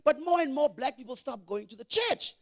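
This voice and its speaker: High-voiced Namibian stand-up comedian. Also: male voice, a little fast. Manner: animated, shouting punchlines, acting out characters. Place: comedy venue with live audience.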